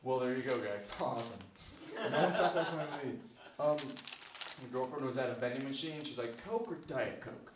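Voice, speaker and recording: Brisk and medium-pitched, a man works through a self-deprecating, rambling open-mic stand-up set laced with swearing, and laughter rises from the audience. It's recorded from far away in an echoey room, with faint noise underneath.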